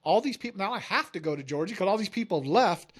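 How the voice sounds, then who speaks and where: A man's voice: sits high, animated, quick pace. A man, a mortgage company founder, telling his story in a casual interview and acting out the dialogue.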